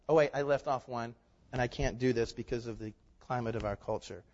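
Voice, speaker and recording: A man preaches a sermon as pastor in a mid-range voice, fairly quickly and emphatically, posing rhetorical questions and swinging between loud declarations and hushed asides. The sound is an echoey hall with a dull, lo-fi quality.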